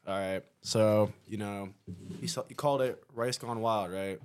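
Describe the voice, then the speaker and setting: A man's voice: fairly low pitch, fairly even intonation, a little slow, a little mellow, smooth. A young man as a podcast guest, chatting casually with enthusiastic, hyped-up energy. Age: young adult. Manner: hype, enthusiastic, laughing. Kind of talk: casual chat.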